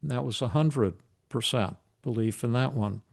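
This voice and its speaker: An older male psychiatrist guides a live therapy demonstration in a gentle, affirming way. His voice carries a gravelly rasp at a middle pitch. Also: normal speed.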